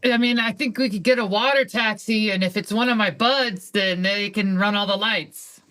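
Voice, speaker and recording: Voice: mid-range voice, normal speed, sharp tone. A player in a tabletop game, speaking in an easygoing, joking way.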